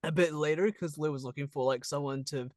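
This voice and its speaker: A man's voice: fairly high pitch, fairly even intonation, fairly quick, a little mellow, no echo, studio quality. A man hosting a casual interview, chatty, laughing and swearing easily. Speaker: podcast host.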